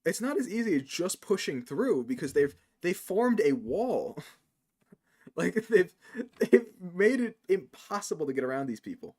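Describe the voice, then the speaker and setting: A man from New rants in casual stream chat, saying "like" constantly. His voice sits a little high and moves in a lively way. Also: moderate pace, husky. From New York. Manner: animated ranting, says "like" a lot, laughs often.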